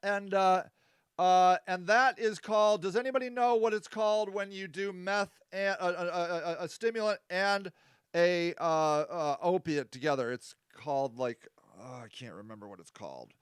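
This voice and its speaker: Male host, casual stream talk, rambling and self-mocking, high clear voice, dry sound. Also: normal speed, no echo. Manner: rambling and self-deprecating, with many fillers. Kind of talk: casual live-stream talk reading viewer comments.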